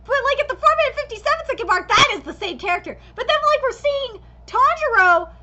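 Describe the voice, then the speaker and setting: Brief: woman streamer, very high sharp voice, profane heated critique, lo-fi recording. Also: animated, fast. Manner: passionate, profane ranting critique. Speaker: anime reaction streamer. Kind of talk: live reaction commentary.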